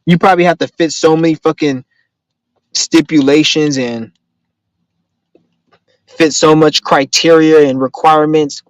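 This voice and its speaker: Rambling, cursing man, slightly high voice. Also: unhurried, pauses often, no echo, low-quality recording. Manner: rambling, profane street slang; animated storytelling. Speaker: live stream host answering viewer questions. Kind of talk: casual live-stream chat.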